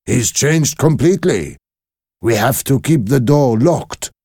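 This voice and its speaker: Male reader as grim revolutionary shopkeeper, forceful, lively pitch, dry close sound. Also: slow, slightly rough, no room sound, full character voice. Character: stern middle-aged male shopkeeper, a revolutionary.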